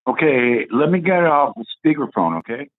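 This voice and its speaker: A male caller telling a story over the phone in a halting, hesitant way that trails off. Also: medium pitch, animated, no room sound. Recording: tinny phone line, dry.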